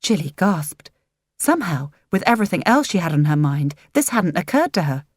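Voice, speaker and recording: A woman narrating a story in a gentle, measured way, recorded close to the mic. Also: on the low side, sing-song, no echo. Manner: gentle, measured, does character voices. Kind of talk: audiobook narration.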